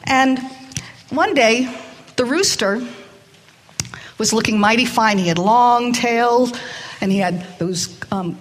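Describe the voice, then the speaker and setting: A woman's voice: a little high, takes it slowly, pauses often, slight background noise. A woman telling a story live to children in a hall, hesitant, with many fillers, drawing in the audience.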